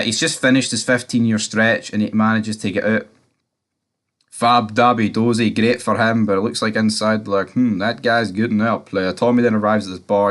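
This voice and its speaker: A man's voice: on the low side, a bit bright. A man casually recapping a TV episode, rambling with lots of fillers and frequent swearing.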